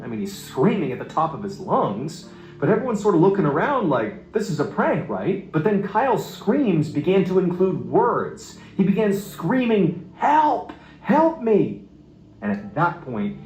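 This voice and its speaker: Animated male storyteller in an echoey room. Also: a little high. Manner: animated, building suspense, casual asides. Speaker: storytelling narrator. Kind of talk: unscripted true-story narration.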